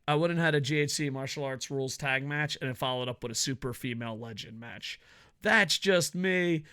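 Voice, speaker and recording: A man reviewing a wrestling event in a casual, profane rant, joking at his own expense and often breaking into yells. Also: fairly high pitch. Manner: profane, ranting, bursts into yelling; jokey, laughs at own rants.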